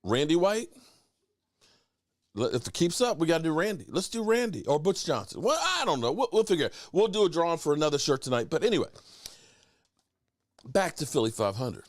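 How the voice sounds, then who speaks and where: Lively, high-pitched male sports streamer. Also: fairly quick, pauses often, no echo, studio quality. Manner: animated, teasing, greets viewers by name. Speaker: sports show host. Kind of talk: live-stream sports talk reading viewer chats.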